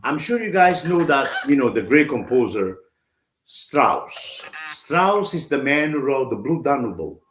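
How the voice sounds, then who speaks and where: Animated man teaching drums. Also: medium pitch, unhurried. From Italy. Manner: chatty, sings drum patterns aloud, greets viewers. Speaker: drum teacher. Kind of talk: live-streamed drum lesson. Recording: echoey room with faint noise.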